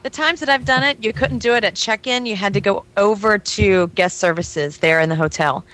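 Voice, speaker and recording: A woman's voice: medium pitch, moderate pace, fairly bright tone. A woman co-hosting a call-in show, giving helpful advice in a chatty way. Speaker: co-host, travel agency. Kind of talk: casual chat.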